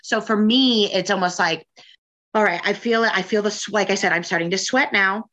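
A woman's voice: medium pitch, brisk, bright, forceful tone. A woman in her forties talking candidly in a casual conversation, rambling and frank, with lots of fillers. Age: 40s.

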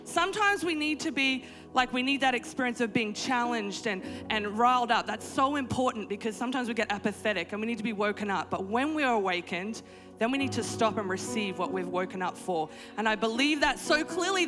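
A woman in her thirties preaching at a conference, mixing prayer with humorous family stories, soaring high for emphasis and dropping soft and low when she prays. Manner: animated, jumps to high exclaiming pitch for emphasis. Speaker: conference speaker. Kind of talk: sermon with prayer and humorous storytelling. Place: conference hall stage.

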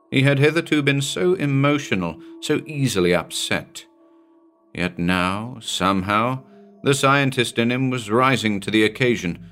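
A man narrating a pulp horror story as an audiobook, in a measured, dramatic storytelling manner. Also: fairly low pitch, fairly bright tone.

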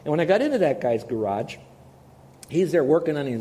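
A man's voice: fairly high pitch, sing-song, brisk, dark tone. A man preaching a sermon in a conversational, storytelling way, asking his listeners questions as he goes. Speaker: pastor. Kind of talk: sermon with personal stories.

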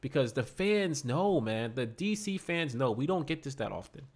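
A man's voice: medium pitch, big pitch swings, moderate pace, a little mellow. A man co-hosting a podcast, casually and enthusiastically giving his review of a film. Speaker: podcast co-host. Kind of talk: casual movie review chat.

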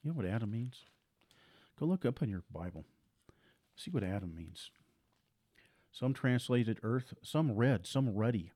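A man preaching a sermon with forceful repetition, his voice climbing higher and louder as he presses his points. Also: lively intonation, measured pace, long pauses, a little hiss or hum.

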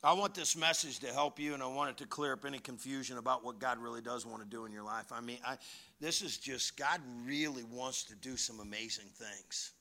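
Male pastor, gravelly and sharp-toned, preaching by storytelling, drops to hushed asides then builds to near-shouts. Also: mid-range voice, fairly quick. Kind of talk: sermon.

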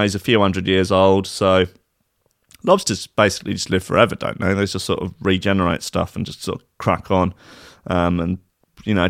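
A man's voice: deep voice, no room sound, studio quality. A man casually reading strange news stories aloud, rambling with frequent fillers and sarcastic asides. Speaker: podcast host reading odd news stories.

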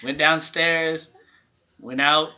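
A man's voice: a little high, slow pace. A young man co-hosting a podcast, telling a story in a casual chat, acting out what people said and swearing freely. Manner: animated storyteller, acts out quotes, swears freely. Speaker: podcast co-host. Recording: lo-fi podcast recording.

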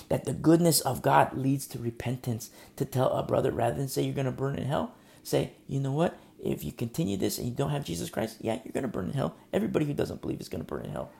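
A male pastor preaching a sermon in an earnest, direct, confrontational way, swinging between soft near-whispers and loud emphatic lines. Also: medium pitch, creaky, slight background noise.

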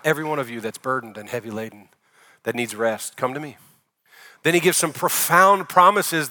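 A man preaching a sermon to a congregation as pastor, in a conversational way with jokes and asides, slowing down and softening when he reads scripture. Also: a little high. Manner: reads scripture slowly and softly, prays quietly. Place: church sanctuary before a congregation.

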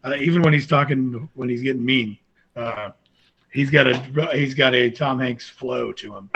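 A man's voice: mid-range voice, steady tone, moderate pace, a bit bright, muffled recording, slight background noise. A man chatting casually about movies on a podcast, rambling and enthusiastic. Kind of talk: casual chat.

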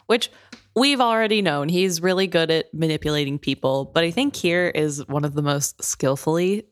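A woman discusses a novel with her co-host, picking apart how a character manipulates others. Her voice sits on the low side. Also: moderate pace. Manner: analytical commentary on a character. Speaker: podcast co-host. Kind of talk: casual book discussion.

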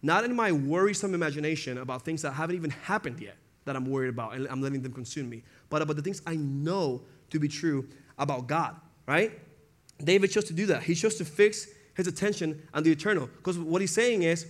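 A man's voice: on the high side, fairly quick. A young man preaching a casual sermon, talking conversationally, acting out quotes and laughing often.

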